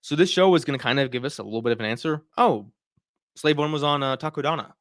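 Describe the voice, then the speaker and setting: A man's voice: mid-range voice, fast talker, fairly bright tone, dry recording, clean studio sound. A man hosting a casual livestream, chatting and reacting to viewer comments. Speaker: livestream host.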